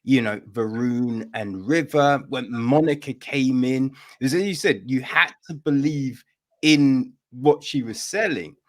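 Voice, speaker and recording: A man's voice: medium pitch, slow pace. A man hosting a podcast interview who asks long, searching questions.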